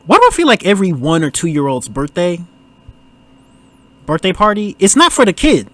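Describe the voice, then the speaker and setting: Lively, higher-voiced podcast guy. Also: normal speed. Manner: laid-back, laughs often, loose slangy asides. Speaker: podcast host. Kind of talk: casual movie commentary.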